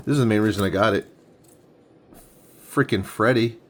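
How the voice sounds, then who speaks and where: A man in his forties unboxes comics in a home room with a camera on a tripod, thinking aloud with enthusiasm as he handles each one. His voice sits on the low side and his pace is moderate.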